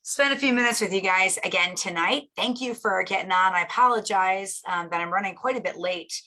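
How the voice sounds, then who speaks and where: Middle-aged woman, hoarse, bright tense voice, upbeat, live-stream host chat. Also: medium pitch, brisk. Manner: upbeat and gushing. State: hoarse, losing her voice.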